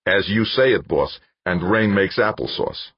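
A man voicing a crafty, eager male PR director who talks in an insistent, excitable way. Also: low-pitched, unhurried, dry recording, voice pushed up. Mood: persuasive. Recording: dull lo-fi dry recording.

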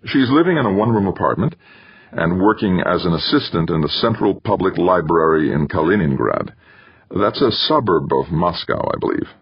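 A slick, manipulative male administrator in an audiobook, as a man puts him on over his own low register. He coaxes and lectures, and his husky voice has some gravel in it. The recording is dry and a little dull. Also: big pitch swings, moderate pace, no echo, exaggerated voice. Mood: lecturing. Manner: coaxing, persuasive.

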